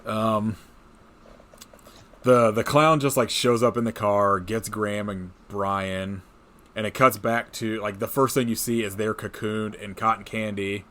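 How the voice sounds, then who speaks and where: A man's voice: on the low side, steady tone, measured pace, fairly bright tone. A man casually recapping a movie on a podcast, rambling with many fillers, swearing and laughing often. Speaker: podcast co-host.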